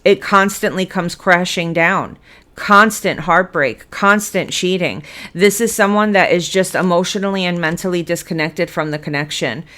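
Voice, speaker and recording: A woman's voice: fairly low pitch, moderate pace, a bit bright. A woman giving a blunt, emphatic tarot reading, cursing freely as she speaks to her viewers. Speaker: tarot reader.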